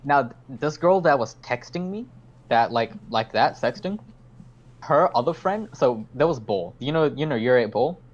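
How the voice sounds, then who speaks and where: A man's voice: medium pitch, lively intonation, normal speed, highs cut off. Young man rambling through a story. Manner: rambling, swears a lot, quotes himself. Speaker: podcast host. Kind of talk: casual storytelling.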